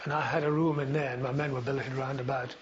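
This veteran, an older man, talks fast while recalling his past for an oral history, his medium-pitched voice barely rising or falling. He wanders, restarting often and leaning on fillers. Faint hiss sits under a dull, lo-fi recording.

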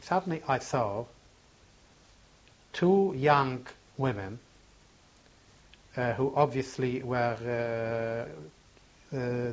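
On a dull, lo-fi recording, an older man with a mid-range voice shares a memory for an oral history interview. He speaks haltingly, searching for his words.

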